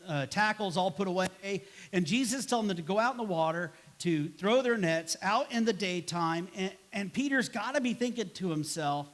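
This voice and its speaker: A man's voice: sits high, expressive, moderate pace, few pauses. A man preaching a sermon as pastor in a church, casual and conversational, acting out grumbling replies to make his points. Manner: conversational, acts out quoted voices with a sigh and grumble.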